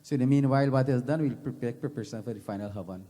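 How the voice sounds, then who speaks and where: A man's voice: mid-range voice, rapid-fire, warm tone, a little hiss or hum. A man making informal, rambling announcements at a religious gathering in a temple. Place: temple hall. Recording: reverberant temple hall.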